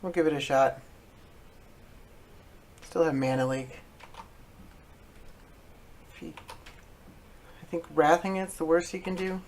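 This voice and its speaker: A man streaming a card game, talking casually to himself as he plays, halting often with fillers and self-corrections. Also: fairly high pitch, a little mellow, a little hiss or hum. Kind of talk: casual thinking-aloud commentary.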